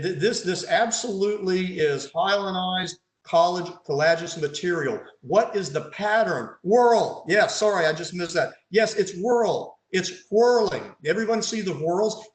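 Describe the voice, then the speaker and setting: A man, a pathologist, leads an online case conference over slides, quizzing his audience and adding dry, sarcastic asides. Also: high-pitched. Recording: roomy echo.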